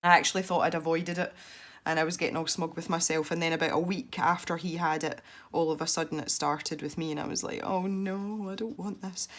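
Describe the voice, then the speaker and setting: A young woman with a congested, stuffy voice, chatting softly as she narrates her colouring. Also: low voice, level tone, quick pace, few pauses. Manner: soft-spoken, chatty and self-deprecating. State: congested from a head cold. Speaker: colouring video host. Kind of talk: relaxed colouring commentary.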